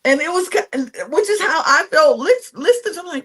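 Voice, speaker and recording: A woman, co-hosting a podcast in casual chat, opinionated and animated as she acts out what people said. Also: high voice, moderate pace. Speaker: podcast co-host.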